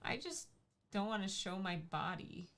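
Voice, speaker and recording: A woman's voice: mid-range voice, animated, moderate pace, a bit bright. A woman co-hosting a livestream, chatting casually in a teasing, playful way and jumping between topics. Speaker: livestream co-host. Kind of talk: casual chat.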